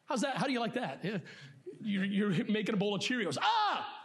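A man's voice: high voice, animated, brisk. A middle-aged male pastor preaching a sermon in a church, in a conversational, self-deprecating way with asides to the congregation. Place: church sanctuary.

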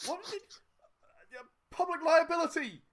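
A man voicing a clumsy, indignant male alien who yells outraged complaints in a high, strained voice. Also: normal speed, slight background noise.

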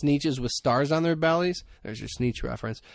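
A man's voice: a little high, moderate pace, creaky, no echo, studio quality. A man, hosting a podcast and telling rambling, jokey stories in casual chat. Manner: joking storyteller, rambling asides. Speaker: podcast host.

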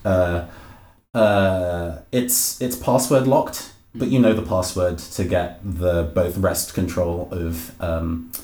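A game master running a tabletop game with easygoing narration and quick asides. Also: low-pitched, steady tone, warm tone. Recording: echoey room.

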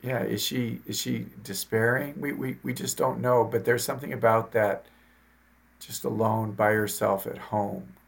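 A man co-hosting a faith podcast as a deacon, reflecting in casual chat and softly quoting scripture. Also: medium pitch, steady tone, normal speed, gravelly.

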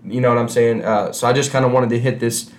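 In an echoey room, a man with a medium-pitched, steady voice talks fast as he preaches a sermon to a camera with no congregation present. His delivery is conversational, and he repeats key phrases for emphasis.

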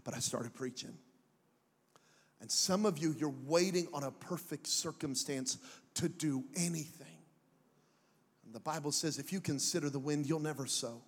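A man preaching a sermon as a pastor, animated and joking, slipping in put-on voices. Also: a little high, normal speed. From Mexican heritage. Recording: echoey hall with long reverb.

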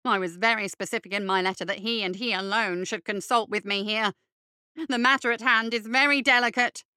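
A man's voice: high-pitched, fairly even intonation, a little fast, pushed and bright, clear, resonant tone, no echo, clean studio sound. A woman voicing Derber, a whiny fop. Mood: fretful. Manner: whiny, pompous and fussy. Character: thin foppish cowardly male guild bureaucrat. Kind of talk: audiobook character voice.

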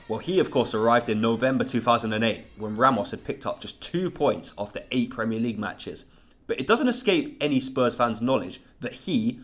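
A man hosting a football podcast, reading a steady scripted link between clips. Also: medium pitch. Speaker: podcast host.

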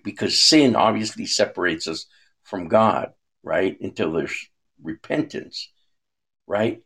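Male speaker, husky and low, for an earnest conversational sermon. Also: fairly bright tone. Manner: earnest, checks in with "right?". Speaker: speaker giving a devotional talk. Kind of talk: conversational sermon with personal story.

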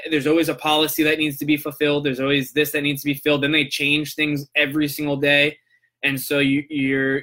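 Bright-voiced man rambling through a podcast. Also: medium pitch. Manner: rambling, loose and conversational, tags lines with "right?". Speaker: podcast host. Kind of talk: casual solo podcast monologue.

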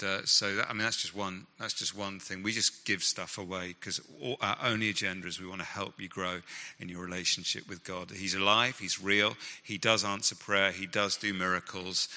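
Man, guest speaker, enthusiastic stage storyteller, bright tone, long hall echo. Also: deep voice, fairly even intonation. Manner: enthusiastic storyteller, quick asides and impressions. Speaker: guest author and Christian leader. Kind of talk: animated talk to a live audience.

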